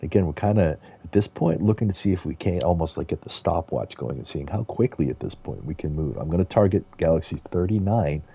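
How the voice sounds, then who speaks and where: A man's voice: sits low, animated, brisk, gravelly, hardly any pauses, mellow, slightly rough. A man streaming a video game, chatting casually and rambling with frequent chuckles. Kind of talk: casual gameplay commentary.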